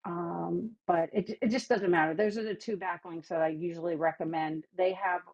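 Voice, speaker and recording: Speaking at a moderate pace in a lowish voice, this female podcast guest is opinionated and full of lively asides during a relaxed panel chat. Teeth whitening strips give her a slight lisp, and the sound is lo-fi.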